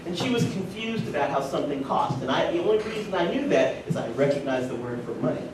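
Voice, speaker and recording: A man from rural North Carolina, speaking fast in a fairly high, lively voice, tells personal stories at a conference and tosses animated asides to the audience. He's far from the mic in a very echoey hall, with a faint rumble beneath him.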